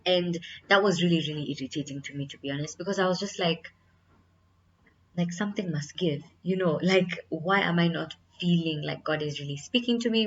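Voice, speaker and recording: A young woman vlogger with a low voice talks openly and earnestly, looping through fillers as she thinks aloud. The sound is a little muffled and dull, like a basic camera mic. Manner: candid, earnest, many fillers like "like" and "you know". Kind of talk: casual reflective vlog.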